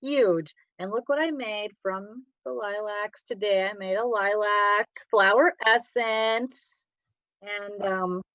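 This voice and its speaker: A woman's voice: mid-range voice, slow, a bit bright, no echo. Woman, radio co-host, enthusiastic, encouraging, dry muffled audio. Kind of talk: talk radio chat.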